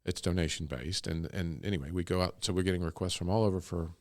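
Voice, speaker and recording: Man, very low voice, rambling, enthusiastic, casual interview guest. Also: steady tone, fast, a little mellow. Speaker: guest, co-founder of a bunny ministry.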